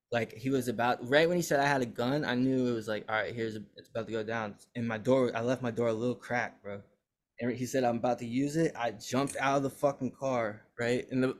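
Young man telling a rambling, profane story. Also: mid-range voice. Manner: rambling, profane, animated retelling. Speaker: podcast host. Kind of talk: casual storytelling.

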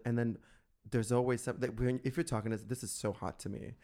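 Animated Irish man telling gossip. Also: medium pitch, fast. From Ireland. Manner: animated gossipy storytelling, acting out dialogue. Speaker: podcast co-host. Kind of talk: casual chat.

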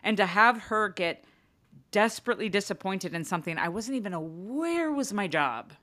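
Animated sarcastic woman venting. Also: medium pitch, moderate pace. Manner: animated, sarcastic storytelling with frequent "like". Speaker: podcast co-host. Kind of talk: casual chat.

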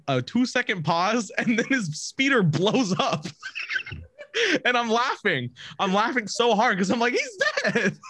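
A man's voice: high voice, dry recording. A young man chatting casually on a podcast, telling stories with lots of swearing and laughter. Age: young adult. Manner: animated storyteller, swears often, laughs a lot. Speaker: podcast co-host, streamer. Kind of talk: casual chat.

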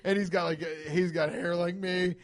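A fairly high-voiced man rambling through funny stories in loose, casual podcast chat. He talks with lots of energy, swears freely and swings into silly impressions mid-sentence. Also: moderate pace. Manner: animated storytelling, swears freely, jumps into impressions.

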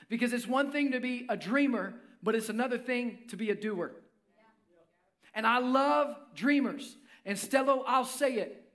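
A male pastor preaching a sermon, impassioned, dropping his voice low for emphasis. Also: a bit bright. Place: church.

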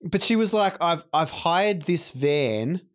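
A man's voice: a little high, expressive, slow. A man in casual, sweary chat, often saying yeah. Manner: laid-back, swears often, many yeahs.

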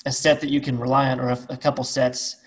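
A man of mid-range pitch hosts a casual podcast chat. He talks in an easygoing, halting way and pauses on fillers as he recalls things. His questions come across as unhurried. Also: flat delivery, slight background noise. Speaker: podcast host.

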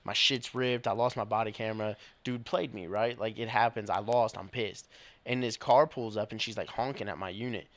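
A young man, a police officer and podcast co-host, telling stories in casual chat, animated and swearing, often laughing. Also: lowish voice, normal speed, no room sound.

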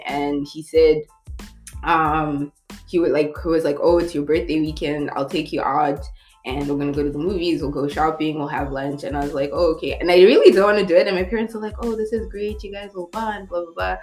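Low-voiced woman telling a candid story. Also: steady tone, fairly quick, darkish tone, faint music behind. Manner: rambling, heavy use of "like", emotional but laughing at times.

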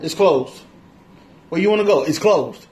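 A man co-hosting a relaxed podcast who tells stories at an unhurried pace and laughs through them. His voice is high for a man and he takes his time with each line. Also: a little hiss or hum. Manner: laughing, slow storyteller. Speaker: podcast co-host. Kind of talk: casual chat, storytelling.

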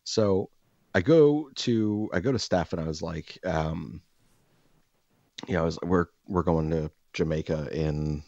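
A man hosting a podcast, telling a long casual story full of "like" fillers and crude jokes, jumping up in pitch when he acts out quoted lines. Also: a little slow, darkish tone, dry recording. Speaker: podcast host. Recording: dry, slightly dull podcast mic.

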